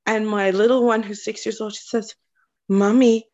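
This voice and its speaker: A woman's voice: mid-range voice, level tone. Mother sharing a moving story, muffled call audio. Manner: warm, slowing and softening when moved. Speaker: group member and mother. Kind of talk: casual sharing on a video call. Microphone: video call.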